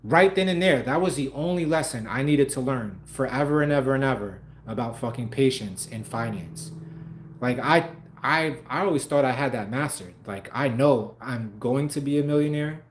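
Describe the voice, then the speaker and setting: A man's voice: medium pitch, normal speed. A young man on a livestream talking casually and animatedly, swearing freely and laughing often. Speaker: live stream host.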